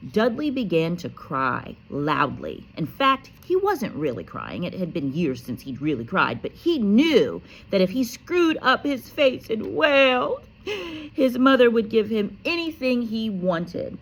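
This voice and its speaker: A woman teacher reading a children's book aloud with lively expression and casual, chatty asides. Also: mid-range voice, measured pace. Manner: animated, casual, self-correcting.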